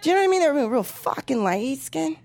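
A woman's voice: high voice, very animated, fast talker, gravelly, darkish tone. A woman in her thirties doing stand-up comedy with blunt, profane, punchy delivery. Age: 30s.

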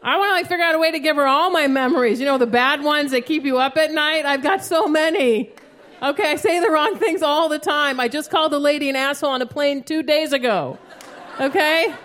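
High-voiced woman doing stand-up. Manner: animated storytelling, acts out her own yelling. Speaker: stand-up comedian. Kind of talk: stand-up comedy set. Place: live comedy stage with an audience. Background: audience laughter.

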